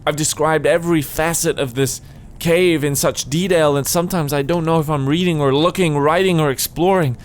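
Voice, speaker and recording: A man reading game dialogue as a rambling, flustered cave writer who talks in high, excited bursts and keeps restarting his sentences. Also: moderate pace, few pauses, slight background noise, lightly acted. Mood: eager. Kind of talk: voice acting a game's dialogue.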